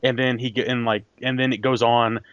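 A young man speaking as a podcast guest, halting and restarting as he searches for words. The recording is dry, with a dull, lo-fi sound. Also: mid-range voice, little pitch movement, a bit bright, smooth, no echo. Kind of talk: casual chat.

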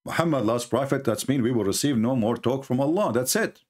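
A male livestream host talks briskly and animatedly in a mid-range, a little mellow voice. He mocks religious debate with scorn, using non-native English grammar.

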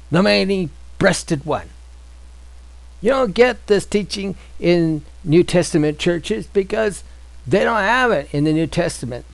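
A man leading a Bible study in a relaxed, conversational manner, reading scripture and piling up rhetorical questions. His voice sits a little high for a man and has a gravelly, rough grain. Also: no echo, poor audio. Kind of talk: informal Bible teaching.

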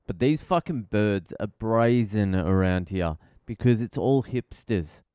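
A man's voice: fairly low pitch, animated, unhurried, warm tone, smooth, no echo, studio quality. Profane ranting Australian man. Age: middle-aged. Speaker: podcast host, comedian. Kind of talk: casual comedic monologue.

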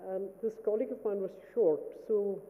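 A woman giving a formal memorial lecture as a writer, speaking in a measured, reflective way and checking in with her listeners. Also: medium pitch, a little hiss or hum. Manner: measured, reflective, asks "Do you see?". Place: lecture hall. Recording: phone-like sound in a reverberant hall.

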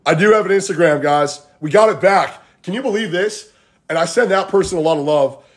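A man's voice: high voice, a little fast. A man coaching fitness over a livestream from home, chatting casually in a rambling, motivational way, saying "like" and "guys" a lot. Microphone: phone.

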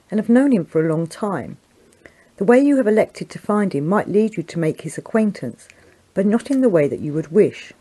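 A woman reading an audiobook, voicing a calm, self-assured man who speaks in a measured, curt way. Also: mid-range voice, slightly rough.

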